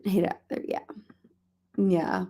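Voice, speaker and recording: Chatty woman hosting a relaxed livestream. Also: takes it slowly. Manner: chatty, laughs often, soft baby talk to her cat. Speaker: livestream host. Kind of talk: casual chat.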